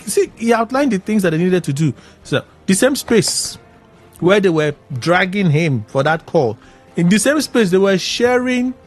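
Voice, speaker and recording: A man hosting a radio show, recapping in an animated, exclaiming way. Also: sits high. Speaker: radio host. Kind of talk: casual radio commentary.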